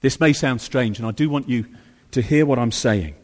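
A man preaching a sermon to a congregation, emphatic and repetitive, swinging between soft low phrases and loud high ones. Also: normal speed. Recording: reverberant hall.

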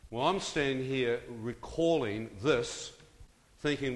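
A man's voice: mid-range voice, a little fast. A man giving a storytelling testimony to a live audience, drawing them in with questions and jokes. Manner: engages the crowd with questions and jokes. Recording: hall with long reverb.

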